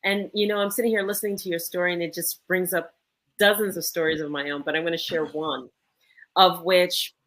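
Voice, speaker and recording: Low-voiced woman telling a story. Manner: animated, repetitive, emphatic. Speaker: co-host and medicine woman. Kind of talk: storytelling in a conversation.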